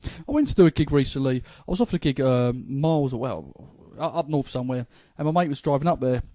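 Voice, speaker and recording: A man's voice: medium pitch, expressive, fast talker, mellow, dry recording. A man with a London accent, a comedian hosting a casual podcast chat, rambling with stammering restarts. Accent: London English. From England.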